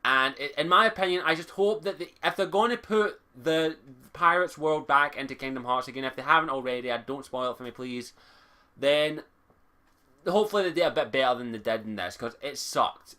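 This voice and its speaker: A man's voice: fairly high pitch, lively intonation, brisk, pushed and bright. A young Scottish man giving an exasperated, sweary game review, repeating his complaints. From Scotland.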